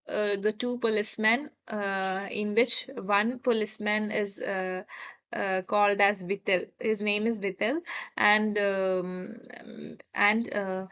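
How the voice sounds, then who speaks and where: A young woman with an Indian English accent, a student presenter, retells a film plot in a lecture full of fillers and restarts. Her mid-range voice is a bit bright, and the recording is dull and lo-fi.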